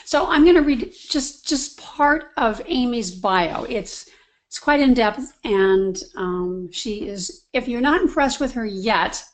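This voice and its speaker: A woman's voice: a little high, lively intonation, slow pace. A woman hosting a webinar on a video call, introducing her guest with effusive enthusiasm. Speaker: webinar host.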